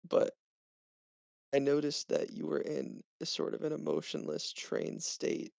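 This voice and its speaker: A player at a tabletop game, with a strongly gravelly, fry-laden voice that swings lively up and down. He speaks formally in character, recorded dry and close. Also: a little high, measured pace, no echo. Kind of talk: tabletop role-play.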